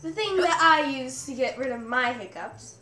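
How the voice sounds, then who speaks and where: A young woman co-hosting a casual on-camera chat with a friend, bossy and teasing, with bursts of loud exclamations. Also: high voice, expressive, normal speed. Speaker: co-host.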